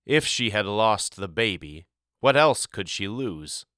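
A male audiobook narrator reads a storybook in a steady, clearly articulated way. His low voice has a bright, crisp edge. The recording is dry and close, with no room echo. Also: a little slow.

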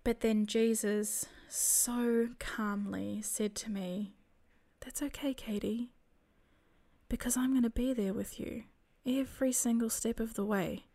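Slow, softly reflective woman. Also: fairly high pitch, steady tone. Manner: slow, soft, reflective storytelling. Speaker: storyteller sharing a spiritual experience. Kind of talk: personal faith testimony.

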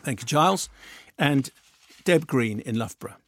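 A man from the UK co-hosting a film radio show, reading out listener emails and chatting briskly. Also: mid-range voice, animated, slight background noise. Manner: brisk, reads listener emails aloud, then chats. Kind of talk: casual radio chat, reading letters aloud.

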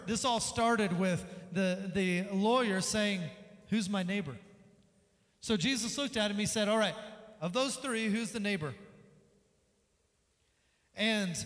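A man preaching a sermon as pastor, energetic, acting out the voices in the story he tells. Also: high-pitched. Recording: long reverb of a large hall.

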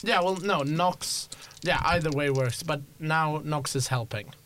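A man narrating as game master in a tabletop game, relaxed, with many fillers. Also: fairly high pitch, measured pace, a little hiss or hum.

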